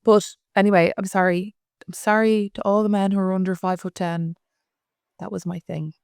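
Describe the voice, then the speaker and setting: A woman's voice: mid-range voice, little pitch movement, a little fast, creaky, a little mellow, clear, resonant tone, no room sound, clean studio sound. A woman in her thirties with an Irish accent, co-hosting a podcast in casual, teasing chat. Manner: chatty, teasing, apologetic asides. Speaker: podcast co-host.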